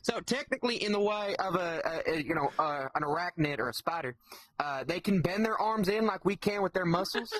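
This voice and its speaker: A man's voice: high-pitched, lively intonation, brisk, fairly bright tone. A man, co-hosting a podcast, talking in a rambling, jokey way with many fillers. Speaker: podcast co-host. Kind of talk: casual chat.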